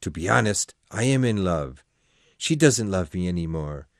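An ambitious, lovesick young man speaks earnestly and broodingly, as a male audiobook narrator reads him. His voice is low and the sound is dry and close. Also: expressive, moderate pace, dry recording.

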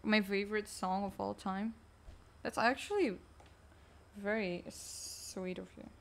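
Woman streamer rambling to chat mid game, slow easy pace, kinda distracted. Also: mid-range voice, creaky. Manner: chatty, distracted, answering chat aloud. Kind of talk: casual livestream chat while gaming.

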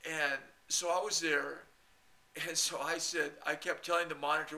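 A man telling a long rambling story to his camera, halting and repeating himself and chuckling often. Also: fairly high pitch, level tone, gravelly, sharp tone. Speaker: video blogger.

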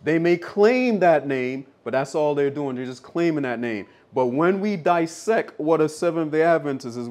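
Man preaching a sermon; firm, repetitive emphasis, middle pitch. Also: darkish tone. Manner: insistent, repeats lines for emphasis.

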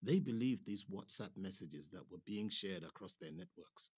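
A man's voice: low voice, animated, normal speed, a little mellow, slightly rough. A man performing a dramatic monologue as a nurse, telling a story vividly and switching between voices.

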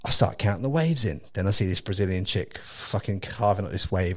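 A man from England with an English accent, hosting a casual chat and telling an animated, laugh-filled story with lots of swearing and restarts. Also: deep voice, a little fast, hardly any pauses. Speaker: podcast host.

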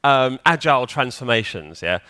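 A man speaking from a conference stage in a loose, chatty way, tossing questions out to the crowd and answering them himself. His voice sits at an everyday middle pitch. The sound is dry and close, with almost no room echo. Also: very animated, normal speed, pushed and bright, clear, resonant tone. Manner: conversational, quizzes the audience. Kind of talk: conference talk. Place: conference hall.

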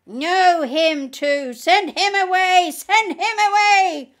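A woman's voice: sits high, flat delivery, slow, vocal fry, bright, forceful tone, voice pushed up, heavily acted. A woman reading aloud and voicing a ferocious male demon that screams and shrieks in a guttural voice. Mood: shrieking rage.

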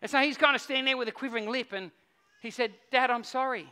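A middle-aged man, preaching a sermon as a pastor and telling a story, swinging between hushed and loud. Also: extremely high pitch, fast, clear, resonant tone.

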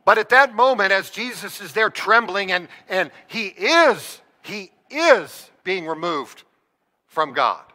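A man with a high, ringing voice preaches in a church sanctuary, his words trailing into a long echo. He speaks earnestly and keeps turning to the congregation with direct questions. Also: big pitch swings, takes it slowly, bright, forceful tone. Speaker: pastor. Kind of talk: sermon.

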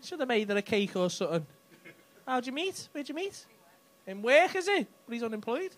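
Very high and very animated, this male comedian's voice is fairly bright and a little quick. On a club stage he swears freely and teases people in the crowd, and faint audience laughter can be heard.

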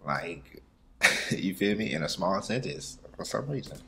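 A man's voice: deep voice, very animated, measured pace, gravelly, heavy background noise. An American man hosting a reaction video, chatting in a laid-back, slangy way and hyping up the track as it plays. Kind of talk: casual reaction commentary.

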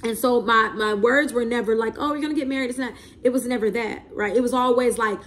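A woman's voice: on the high side, fast talker, hardly any pauses, a bit bright. A woman, preaching prophecy in a spontaneous, emphatic way, repeating herself and often asking "okay?" and "right?". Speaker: self-described prophet.

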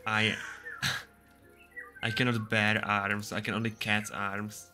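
A man's voice: lowish voice, monotone, slow pace, over music. A young man streaming a game, chatting casually with crude jokes and frequent laughter. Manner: joking, crude, laughs often. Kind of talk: casual gaming stream chat.

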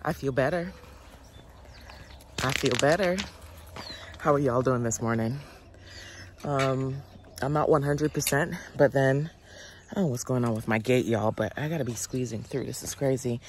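A woman's voice: very deep voice, normal speed, background noise. A woman, chatting casually in a gardening vlog and a little out of breath. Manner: chatty, lots of fillers and "y'all". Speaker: gardening vlogger.

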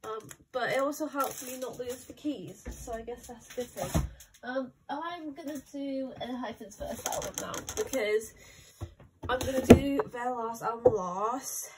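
Young female host, casual unboxing chat, higher-pitched and excitable, rambling. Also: unhurried, very noisy. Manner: excitable, gasping and exclaiming over each item; chatty, thinks aloud with many "like"s. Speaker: channel host.

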